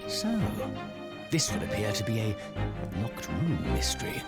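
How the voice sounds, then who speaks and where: A grandiose gentleman detective in a video game who swoops wildly up and down in pitch as he lays out his deductions. His pompous, flamboyant delivery plays over loud game music. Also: huge pitch swings, a little slow. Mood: theatrical. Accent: British. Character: brilliant, theatrical British gentleman detective. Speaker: game character. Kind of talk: voiced game cutscene acting.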